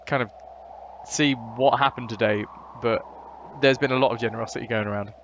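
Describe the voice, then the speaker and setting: A man's voice: medium pitch, steady tone, a little fast, a bit bright, muffled recording, slight background noise. Laid-back chatty male streamer. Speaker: live streamer. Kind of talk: casual live-stream chat. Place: hotel room.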